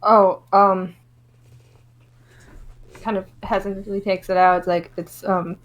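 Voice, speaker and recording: Quick, hesitant woman player. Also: mid-range voice, little pitch movement, dull audio. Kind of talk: casual tabletop game chat.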